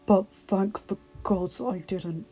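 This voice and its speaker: A woman voicing a devoted young husband and emperor, speaking softly and steadily. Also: takes it slowly, breathy edge, highs cut off. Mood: gentle. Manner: soft, low-key, steady.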